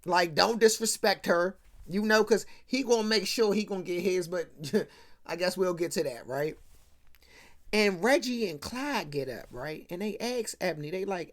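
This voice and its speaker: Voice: mid-range voice, moderate pace. Movie recap ranter, slangy and loose, keeps asking "right?". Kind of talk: casual rant retelling a film.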